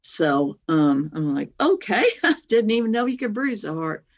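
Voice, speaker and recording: A woman telling a personal story as a guest, animated, acting out what other people said, with many fillers. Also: deep voice, moderate pace, highs cut off. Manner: animated, acts out other people's words in quotes; rambling, with many fillers and "anyway".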